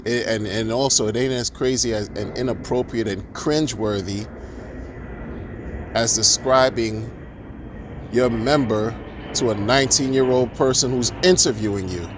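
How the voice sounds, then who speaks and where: A crypto commentator rants in a monologue, exasperated and sarcastic, firing off rhetorical questions and restarting sentences. His mid-range voice moves at normal speed, with background noise behind it.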